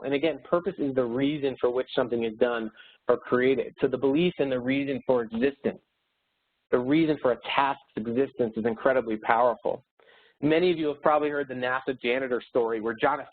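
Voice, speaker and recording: A man in his thirties giving a motivational webinar talk, earnest and upbeat, coaching his listeners with anecdotes. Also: medium pitch. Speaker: webinar speaker. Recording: phone-like narrow sound.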